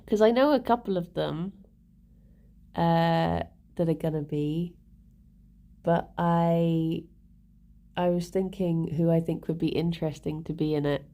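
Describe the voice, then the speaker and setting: A woman's voice: low-pitched, unhurried, pauses often, mellow. A woman live-streaming and chatting casually with her viewers, laughing often and talking to her pets. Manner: giggly, chatty, talks to pets and chat.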